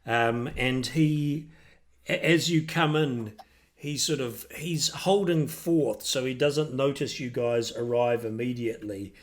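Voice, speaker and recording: A man's voice: mid-range voice, takes it slowly. A man narrating a tabletop role-playing game as game master, hesitant, with many ums and restarts.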